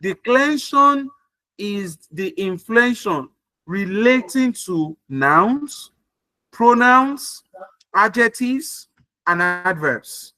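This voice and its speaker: A man teaches grammar over a video call, his voice high and bright. He speaks slowly and keeps asking whether his students understand. The sound is dry and close. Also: lively intonation, no echo. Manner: repeats points and checks understanding often. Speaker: English tutor. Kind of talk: online grammar class.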